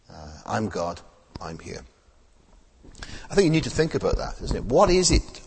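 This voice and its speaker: A man's voice: medium pitch, darkish tone, husky. Man preaching in a reverberant hall. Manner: plain, conversational preaching with many rhetorical tag questions; frequent hesitations and repeated words. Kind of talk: sermon.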